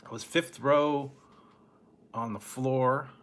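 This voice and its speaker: A middle-aged man hosting a late-night live stream, telling a rambling, laid-back story with soft chuckles and answering chat. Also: medium pitch, steady tone, takes it slowly. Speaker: food review channel host.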